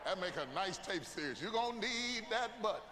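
A man preaching, his voice pitched high and carrying through a church with a long echo. He moves between joking asides and shouted emphasis, with loud room noise around him. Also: lively intonation, normal speed. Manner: preaching with humor, rising to shouts. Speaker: pastor. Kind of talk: sermon.

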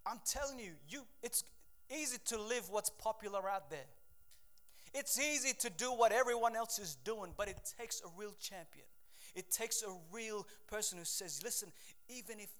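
A man preaching a sermon with passion, repeating phrases and dropping his voice low when he quotes scripture. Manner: impassioned, rising to near-shouts, then dropping low for scripture; rapid asides and repetitions.

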